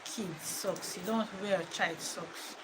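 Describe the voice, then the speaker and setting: Speaking unhurriedly in a lowish voice, a woman chats casually at home for her vlog, scolding her child between remarks. Loud ambient noise fills the recording.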